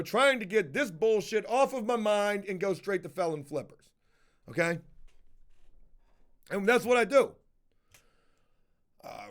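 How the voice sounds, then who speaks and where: A man's voice: high-pitched, fairly bright tone. A man telling a story straight to camera as a vlogger, blunt and exasperated, with plenty of swearing. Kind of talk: casual storytelling rant to camera.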